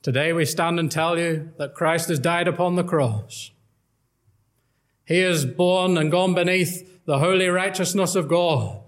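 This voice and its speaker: A man preaching an earnest, emphatic gospel sermon and quoting old-style scripture. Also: high voice.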